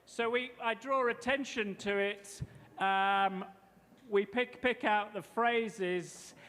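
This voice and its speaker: Chatty high-voiced man presenting a workshop. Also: a bit bright. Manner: chatty, explanatory. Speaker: teacher trainer. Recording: long hall reverb.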